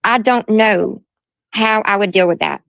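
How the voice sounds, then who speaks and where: A middle-aged woman hosting a livestream retells a quarrel in heated, casual storytelling, quoting what was said and repeating herself. Her mid-range voice is unhurried, creaky, and a bit bright, with no echo, though the stream audio is dull and lo-fi.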